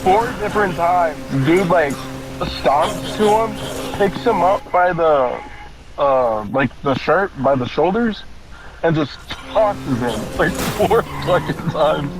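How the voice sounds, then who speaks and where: Slow-talking man, rambling gamer chat. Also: a little high, animated, over music, poor audio. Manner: rambling, swears a lot, frequent laughs. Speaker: gaming commentator. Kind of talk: casual rambling retelling.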